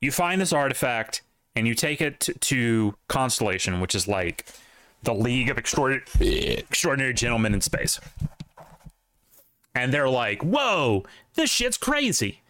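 A man's voice: medium pitch, lively intonation, normal speed, a bit bright, clear, resonant tone. A man co-hosting a casual gaming podcast, rambling with lots of fillers and restarts. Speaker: podcast co-host. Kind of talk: casual chat.

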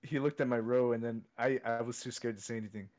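A man's voice: mid-range voice, steady tone, fast talker, a little mellow. A young man telling a long story in casual chat, rambling and repeating himself. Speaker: podcast co-host. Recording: dull lo-fi sound.

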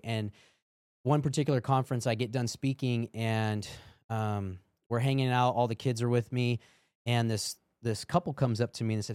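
A man, a minister and father, talks as a podcast guest in a mid-pitched voice recorded dry and close. He tells his stories earnestly, with a few ums and uhs as he works through them. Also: fairly even intonation, normal speed, darkish tone, smooth, no room sound. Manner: earnest storytelling with fillers. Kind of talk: casual Christian podcast talk.

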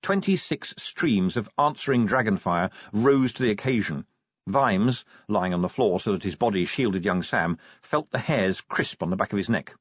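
Wry and dramatic, a husky, low-voiced man narrates a scripted audiobook at a moderate pace, his pitch moving in lively swoops. The sound is close and dry with no room sound, and the highs are a little muffled and dull.

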